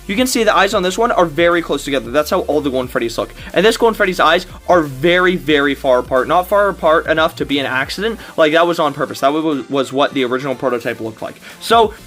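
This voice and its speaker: High-voiced man ranting excitably. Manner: excitable, heated ranting with sudden high jumps. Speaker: toy collector and video host. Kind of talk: unboxing and review vlog. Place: indoors at a desk in his collection room.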